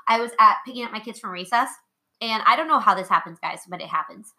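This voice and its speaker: Bright chatty woman podcast co-host. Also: medium pitch, animated. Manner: chatty, self-conscious, quick to laugh. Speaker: podcast co-host, elementary teacher. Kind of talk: casual chat.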